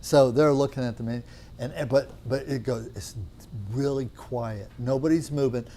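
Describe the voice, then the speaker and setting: A middle-aged man with a warm, mellow voice at an ordinary pitch spins a long anecdote for his students. He talks loosely and conversationally, full of "you know" and restarts, slipping into little acted-out exchanges. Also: fairly even intonation, normal speed, slight background noise. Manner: chatty, acts out dialogue, many fillers. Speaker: natural medicine teacher. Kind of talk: anecdotal storytelling to a class.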